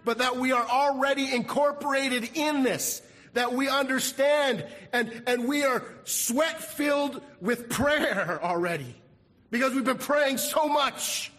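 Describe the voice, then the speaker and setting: A man's voice: very high-pitched, sharp tone, long reverb tail. A man preaching a sermon as pastor, earnest and repeating his key phrases. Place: church sanctuary.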